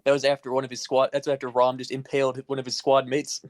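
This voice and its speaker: A man's voice: medium pitch, completely flat delivery, fast talker, no echo, studio quality. Casual man retelling game scenes. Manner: casual, retells scenes, swears freely, chuckles. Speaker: podcast co-host. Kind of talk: casual chat about video games.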